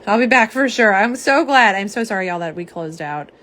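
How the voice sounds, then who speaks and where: A young woman hosting a casual live stream, slightly hoarse, chatty and self-deprecating as she talks to viewers. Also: mid-range voice, expressive, a little fast, a bit bright. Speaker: live stream host showing nail polish swatches.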